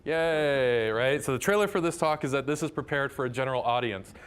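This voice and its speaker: A man's voice: medium pitch, brisk, smooth. A man from Southern California, a math professor giving a chatty, enthusiastic public lecture, often tossing "right?" asides to the audience.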